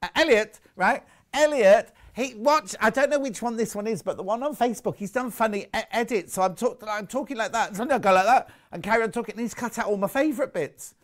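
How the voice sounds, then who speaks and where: A man's voice: sits high, fast talker, hardly any pauses, a bit bright. A man presenting live on a shopping channel, chatty and rambling, teasing his guest. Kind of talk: live TV sales chat.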